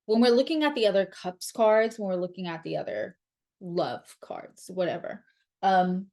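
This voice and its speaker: A woman's voice: medium pitch, normal speed, darkish tone. A woman giving a casual tarot reading to camera, blunt and sarcastic, and she swears freely. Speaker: astrologer and tarot reader.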